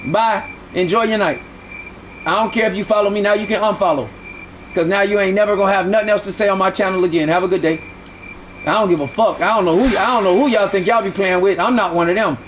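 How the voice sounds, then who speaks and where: A man's voice: high voice, a little hiss or hum. A man streaming live who argues heatedly with his chat, repeating himself and swearing a lot. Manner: heated, repetitive, profane arguing.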